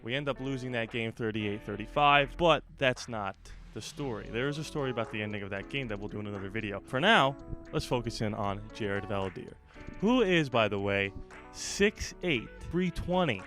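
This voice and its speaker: A young man, host of a fan channel, telling a personal story in a lively, animated way. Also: lowish voice, fairly quick, soft background music. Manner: animated storyteller, acts out shouted quotes. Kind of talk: storytime vlog.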